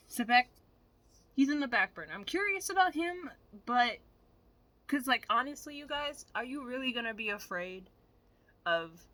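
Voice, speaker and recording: A woman vlogger giving animated, profane, casual commentary straight to her viewers. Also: fairly high pitch.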